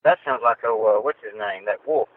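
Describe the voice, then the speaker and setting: A man's voice: on the low side, fairly quick, no room sound. A man who is a guest on a podcast, answering bluntly and scoffing at names he doubts. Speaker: guest researcher. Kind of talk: casual interview chat. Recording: tinny phone-line sound.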